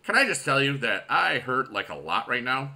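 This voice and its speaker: A man in his forties, a mobile game YouTuber, chatting casually and excitably while he plays, with goofy loud shout-outs to viewers. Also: medium pitch, moderate pace. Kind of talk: casual gaming commentary.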